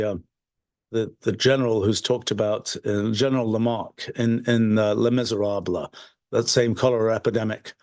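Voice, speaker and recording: A man giving an unscripted livestream lecture, thinking aloud with frequent restarts and fillers. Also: fairly low pitch. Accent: British. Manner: halting, many restarts and fillers. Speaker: presenter of a livestreamed talk.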